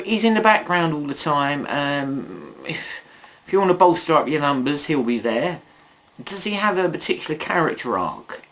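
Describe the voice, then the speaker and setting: A man's voice: fairly high pitch, vocal fry, a bit bright. A man reviewing toys in a casual video, rambling and chatty, full of asides and self-mocking jokes. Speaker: toy reviewer.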